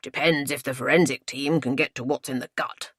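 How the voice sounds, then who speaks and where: A woman's voice: rumbling low, fairly even intonation, a little fast, a bit bright, breathy edge, no room sound, studio quality, heavily acted. A woman voicing a jovial, bluff middle-aged man in an audiobook thriller. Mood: hearty.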